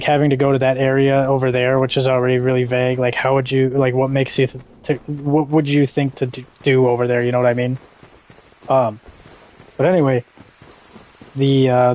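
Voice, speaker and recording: Young male streamer, laid-back and rambling, casual swearing, middle-pitched. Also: darkish tone, low-quality recording. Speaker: gaming streamer. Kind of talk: casual live gameplay commentary.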